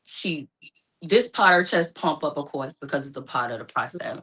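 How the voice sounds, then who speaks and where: A woman with a slightly low voice tells a painful story of her own in loose, casual speech. When the memory gets hard her voice climbs sharply in pitch and loudness. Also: lively intonation, moderate pace, breathy edge. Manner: emotional, rising to high pitch when distressed; speaks casually with informal phrasing. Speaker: guest telling her story. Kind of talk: personal storytelling in conversation.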